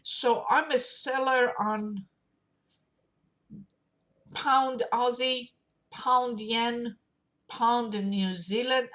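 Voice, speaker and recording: A woman streaming her forex trades, thinking aloud as she clicks through charts, with many pauses and fillers. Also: mid-range voice, a bit bright. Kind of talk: live screen-share trading commentary.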